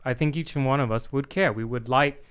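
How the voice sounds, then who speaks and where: A man speaking as a guest on a panel discussion, making plain, measured statements. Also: medium pitch, clear, resonant tone. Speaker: guest journalist.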